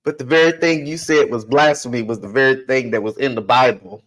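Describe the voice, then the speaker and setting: A man's voice: mid-range voice, steady tone, brisk, fairly bright tone, low-quality recording. A man hosting a podcast, telling a personal story in an emphatic monologue that repeats phrases and addresses listeners directly. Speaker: podcast host.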